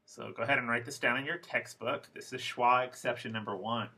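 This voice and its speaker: A man teaching an English pronunciation lesson in a classroom style. His voice is bright and sits at a middle pitch. He talks slowly and deliberately, repeating each example word. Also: steady tone. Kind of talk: classroom lecture.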